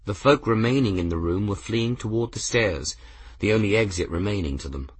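A man's voice: fairly low pitch, a little fast, breathy edge. A man narrating an adventure audiobook expressively. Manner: expressive, voicing characters. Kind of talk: scripted narration.

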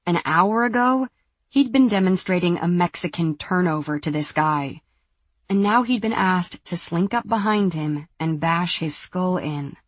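Woman narrator, audiobook, measured delivery, low-pitched, slow, husky. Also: no echo. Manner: measured, even storytelling. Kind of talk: scripted narration.

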